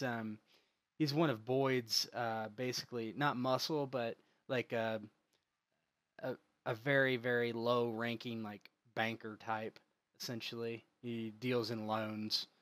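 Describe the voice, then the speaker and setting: A man's voice: medium pitch, steady tone, a little slow, fairly bright tone, no room sound. Rambling man narrating a tabletop game. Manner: rambling, with many fillers and restarts. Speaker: game master.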